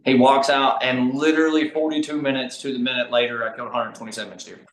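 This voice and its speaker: A man guesting on a podcast, telling hunting stories in a lively, casual way, speeding up in bursts. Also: medium pitch. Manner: animated, talks fast in bursts, laughs mid-story. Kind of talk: casual storytelling chat. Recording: roomy echo.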